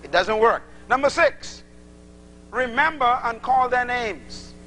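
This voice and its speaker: A man's voice: very high-pitched, takes it slowly, a little hiss or hum, low-quality recording. A man preaching a sermon to a congregation, acting out little dialogues as he teaches. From Bahamas. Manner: animated, acts out little dialogues.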